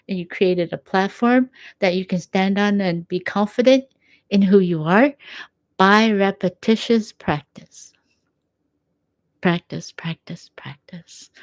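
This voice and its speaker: A woman giving a gentle, encouraging faith talk at home, quoting scripture as she reflects. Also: mid-range voice, no echo. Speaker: faith speaker.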